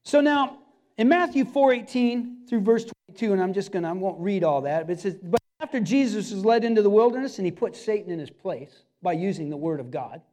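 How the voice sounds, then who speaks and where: A man's voice: high voice, lively intonation, a little fast, dark tone. A man preaching a sermon as pastor, emphatic and repetitive, speaking straight to his listeners.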